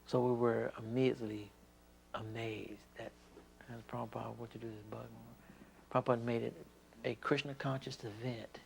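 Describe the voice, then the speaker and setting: A man's voice: mid-range voice, little pitch movement, normal speed, creaky, a little hiss or hum. A man earnestly recalling an episode with his teacher in an interview, acting out what was said. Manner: earnest storytelling, acting out quotes. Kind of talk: reminiscing in an interview.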